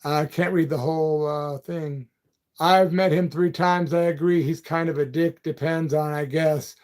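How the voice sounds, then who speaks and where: A man's voice: a little high, steady tone, a little slow, a little mellow. A man hosting a casual live chat, reading out viewer comments in a loose, friendly way and calling people brother and man. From Peoria, Illinois. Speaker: livestream and radio host.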